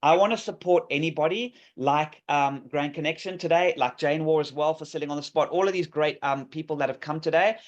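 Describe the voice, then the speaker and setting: A man's voice: on the high side, brisk, hardly any pauses. A man presenting an app demo on a video call, enthusiastic and salesy, with many fillers and restarts. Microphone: video call microphone. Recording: dull lo-fi call audio.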